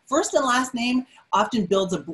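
A middle-aged woman giving a motivational webinar talk, energetic and emphatic, often repeating her key phrases. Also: on the high side, normal speed, rough recording. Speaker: webinar speaker.

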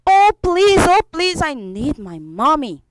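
A woman voicing a lost, frightened six-year-old boy in a high, whimpering child voice. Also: big pitch swings, slow, noisy background, heavily acted. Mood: crying, pleading.

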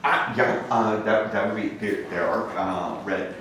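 A man's voice: lowish voice, fairly even intonation, a little slow, a bit bright. A man giving a talk to an audience, telling his story in a casual, conversational way and acting out the voices of people he quotes. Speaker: guest speaker. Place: large campus lecture room. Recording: very echoey room, speaker far from mic, faint noise.

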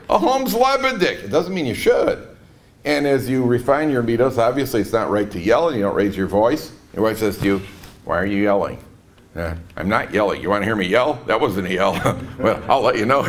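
Animated rabbi, man, joking lecture. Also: mid-range voice. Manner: lively storytelling, swings from soft asides to emphatic peaks. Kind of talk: humorous Torah lecture.

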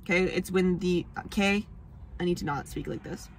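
A young woman who vlogs about astrology explains it casually to camera in a lowish voice at normal speed, with a noisy background. She rambles, laughs often, swears freely and pokes fun at herself.

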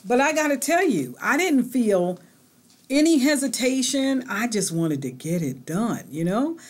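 A woman's voice: fairly high pitch, unhurried. Chatty middle-aged woman vlogging at home. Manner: chatty and animated, swinging from excited to hushed. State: out of breath. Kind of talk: casual vlog talk to camera.

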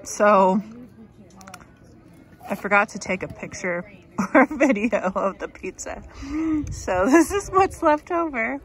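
A woman's voice: medium pitch, animated, slow pace, long pauses. A woman vlogging on a mountain hike, chatty and bubbly, cooing at her dog in baby talk. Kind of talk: casual outdoor vlog. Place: outdoors on a mountain trail.

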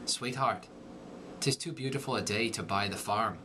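A man's voice: on the low side, normal speed, noisy background, voice pushed down, natural voice. A man voicing a brash, wry Irish man in a folksy, sardonic monologue read aloud as an accent demonstration.

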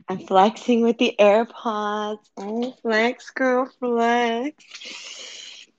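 A woman's voice: a little high, steady tone, drawn-out words, no room sound, highs cut off. A woman casually chatting with viewers on a livestream from her kitchen, giggly and answering their comments. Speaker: livestream host. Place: home kitchen.

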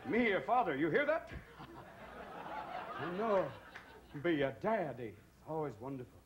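A man's voice: a little high, very animated, normal speed, long pauses, very noisy. A man doing a manic stand-up routine on a comedy club stage, jumping between voices.

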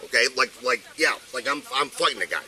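An older man talks outdoors, agitated and swearing as he explains himself to police. His voice is sharp and very bright. It is captured by a body camera on the street. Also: mid-range voice, animated, quick pace. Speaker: bystander in police dispute. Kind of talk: heated street argument.

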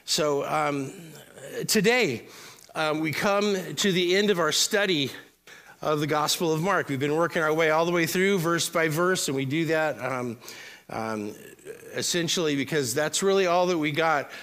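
A male pastor delivers a sermon in a church service with a slightly high, bright voice. He talks in a loose, conversational way and throws joking asides to the congregation. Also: unhurried.

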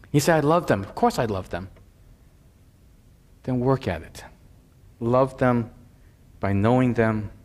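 A middle-aged male pastor delivering a sermon at an ordinary, mid-range pitch. He talks to his congregation conversationally, with frequent asides.

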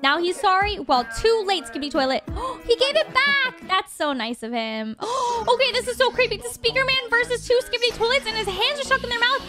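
A young woman hosting a reaction video, gasping and gushing with quick exclamations as she comments on animations. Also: very high-pitched, expressive, over loud music.

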